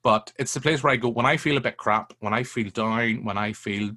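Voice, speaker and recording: A man, telling stories as a guest in a casual film chat, animated and sweary. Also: mid-range voice, a little fast.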